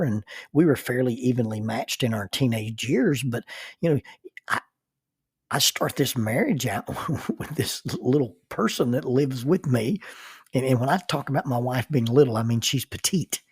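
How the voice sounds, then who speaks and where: Chuckling man with a husky voice. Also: mid-range voice, no echo. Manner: chuckles often, halting restarts, animated retelling. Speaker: counselor and minister telling life stories. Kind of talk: personal storytelling.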